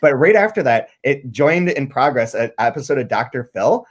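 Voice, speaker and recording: A man's voice: mid-range voice, sing-song, normal speed. A man from Michigan hosting a podcast, chatting casually and animatedly about a book, swearing freely and restarting his sentences. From Michigan, USA. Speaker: podcast host.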